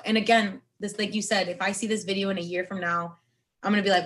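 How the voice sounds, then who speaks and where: A woman's voice: medium pitch, steady tone, quick pace, fairly bright tone. A young woman guest on a podcast, talking openly and earnestly in casual chat. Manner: earnest and open, encouraging.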